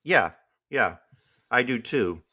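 A man's voice: medium pitch, animated, slow pace, bright, forceful tone, no room sound, clean studio sound. A man co-hosting a podcast, chatting casually and rambling with many restarts and fillers. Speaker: podcast co-host. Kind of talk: casual chat.

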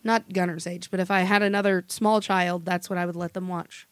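Animated swearing woman podcast co-host. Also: lowish voice, fairly quick, no echo. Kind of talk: casual podcast chat.

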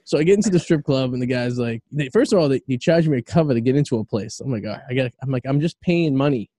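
A man from the Boston area tells a rambling, profane story on a podcast, breaking into laughter along the way. His voice is relaxed and mellow, and it is recorded dry and close with no room sound. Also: medium pitch, quick pace, no room sound. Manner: profane, laughing anecdotes with acted quotes. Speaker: podcast host.

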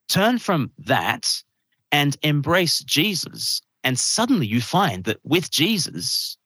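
A man, an evangelist and minister, preaching warmly and explaining a word as a podcast guest. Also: mid-range voice, breathy edge, no room sound. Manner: fervent, builds rhetorical questions.

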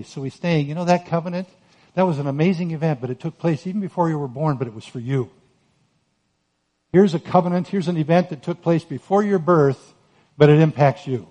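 A man preaching a sermon on Scripture, earnest and emphatic, rising to forceful peaks. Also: a little high, a little fast. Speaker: pastor.

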